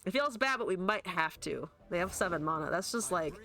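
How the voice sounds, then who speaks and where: A woman's voice: on the low side, fairly quick, fairly bright tone. A woman streamer chatting casually and joking at her own expense while she plays a card game, swearing now and then. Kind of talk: casual gameplay commentary.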